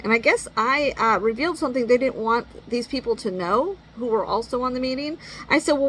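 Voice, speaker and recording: A woman's voice: on the high side, fairly bright tone, a little hiss or hum, rough recording. A middle-aged woman venting in an exasperated, blunt monologue and swearing freely. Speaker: parent venting.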